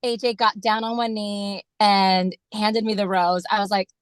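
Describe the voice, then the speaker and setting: A woman guest telling an excited, rambling story in an interview, full of fillers. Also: mid-range voice, a little slow, clean tone, dry recording. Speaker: guest fan.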